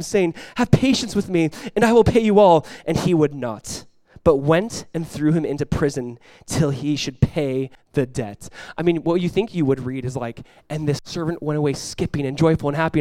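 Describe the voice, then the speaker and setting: High-voiced pastor preaching, dry sound. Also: male voice, a little fast, dry recording. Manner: animated preaching with voiced quotes, swinging from loud to hushed. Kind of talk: sermon.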